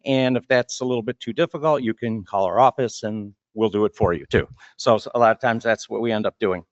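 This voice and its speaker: A man's voice: on the low side, brisk, no room sound, highs cut off. A man giving opening remarks as master of ceremonies at a breakfast meeting, chatty and rambling, often repeating words.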